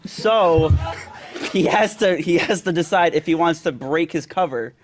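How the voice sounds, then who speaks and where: A man improvising a movie pitch in plain storytelling. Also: a little slow, slight background noise. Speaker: improv player.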